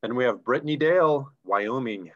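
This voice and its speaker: A man's voice: medium pitch, animated, moderate pace. Enthusiastic man on dull video-call audio. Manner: enthusiastic, chatty explaining ranks. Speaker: co-host reading recognition names. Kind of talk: live online recognition announcing.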